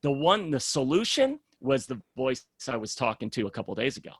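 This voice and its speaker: Chatting casually on a podcast, a man who founded a program tells stories with animation, performing the voices of those he quotes. He speaks briskly in a mid-range voice, recorded dry and at studio quality.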